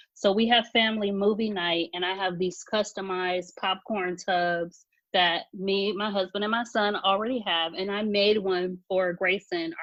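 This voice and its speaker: A woman speaks as a podcast guest and tells a personal story in a halting, open way. Her voice comes through a dull, lo-fi channel with no room sound at all. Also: lowish voice, no room sound. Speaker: guest sharing a personal loss. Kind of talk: podcast interview.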